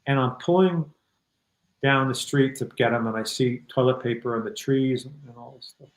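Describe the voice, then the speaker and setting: Calm, reflective middle-aged man. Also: mid-range voice, moderate pace, echoey room, poor audio. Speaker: guest author. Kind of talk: conversational storytelling.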